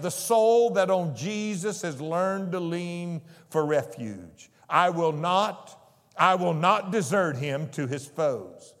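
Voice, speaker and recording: A man preaching a sermon with slow, emphatic delivery that builds in intensity. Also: a little high, in a large hall.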